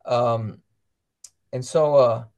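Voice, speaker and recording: Very slow and steady, with a slightly mellow mid-range tone, a man shares stories about faith and family in relaxed religious conversation. He voices the characters he quotes and reads from the catechism aloud.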